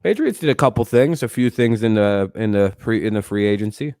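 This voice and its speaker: A man's voice: lowish voice, animated, brisk, a little mellow, no echo, studio quality. A man hosting a casual live sports talk stream. He talks back to his chat and swears freely. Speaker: streamer host.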